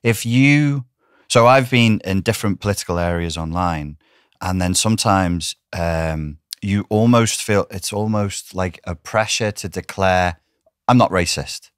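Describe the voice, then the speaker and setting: A man's voice: low voice, unhurried, clear, resonant tone, no echo, clean studio sound. A man from Britain hosting a podcast conversation, speaking bluntly with a sarcastic edge. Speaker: podcast host. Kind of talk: conversational interview.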